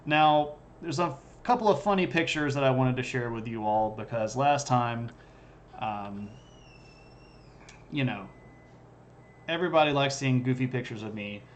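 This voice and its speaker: A man with a mid-range voice chats loosely on a live stream, rambling from one aside to the next. His humor is dry and self-mocking, and he keeps chuckling at his own jokes. A faint hum of noise sits under his voice. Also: medium pitch. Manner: wry, self-deprecating humor. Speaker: history streamer. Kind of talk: casual live-stream chat.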